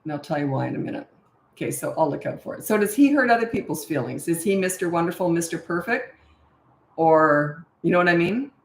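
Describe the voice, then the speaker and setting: Middle-aged canadian lady coach, lowish voice, chatty and blunt, echoey room. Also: lively intonation, fairly quick. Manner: chatty, laughs often, blunt no-nonsense advice. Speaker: parenting coach. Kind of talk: casual live-stream Q&A.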